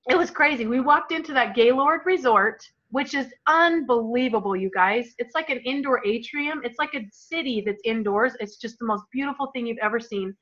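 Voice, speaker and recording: A woman leading a motivational team call, telling her story in a gushing, excited way and talking straight to her listeners as "you guys.". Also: on the high side. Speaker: team leader. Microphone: phone or computer call. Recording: muffled lo-fi call audio.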